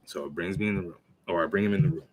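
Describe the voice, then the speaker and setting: A man in his forties talking casually to a computer mic, rambling with restarts and clearing his throat. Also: sits low, slight background noise. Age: 40s. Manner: recites his own verses in a slow, measured cadence. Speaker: channel host. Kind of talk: casual talk to camera.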